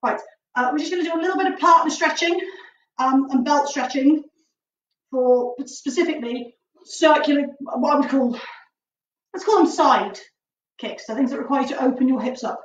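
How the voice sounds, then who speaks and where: Leading a live online stretching class, a woman martial arts instructor chats upbeat and cracks jokes along the way. She has a high voice at normal speed, recorded in a distant, roomy way that sounds dull with faint noise.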